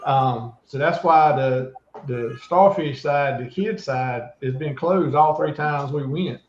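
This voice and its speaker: A man chatting on a livestream, talking haltingly with many ums and restarts. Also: mid-range voice. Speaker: livestream guest. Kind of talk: casual chat. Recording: dull, roomy audio.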